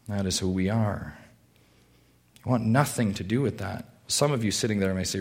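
A man pastor preaching a sermon in a church, swinging from hushed, low moments to loud, urgent pleading. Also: fairly quick.

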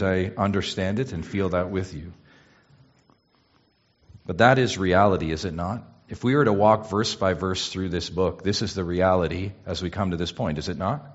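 Preaching man, dull lo-fi sound. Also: mid-range voice. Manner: emphatic, rhetorical questions, wide swings between quiet and loud. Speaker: pastor. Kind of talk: expository sermon.

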